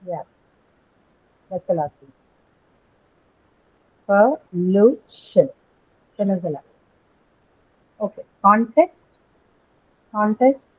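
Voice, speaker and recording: A woman's voice: medium pitch, animated, slow pace, long pauses, slightly rough. A woman teaching an English phonetics class, explaining step by step with many ums and rights. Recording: muffled lo-fi audio.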